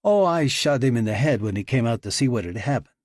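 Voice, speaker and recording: A man's voice: mid-range voice, expressive, fast talker, a little mellow, dry recording, studio quality, lightly acted. Man playing a blunt stocky explosives expert. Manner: blunt, matter-of-fact.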